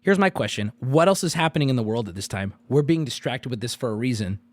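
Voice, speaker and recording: A man in his thirties streaming, ranting with heavy profanity and breaking into sudden incredulous yells. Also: mid-range voice, animated, fast, dry recording. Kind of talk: ranting live stream commentary.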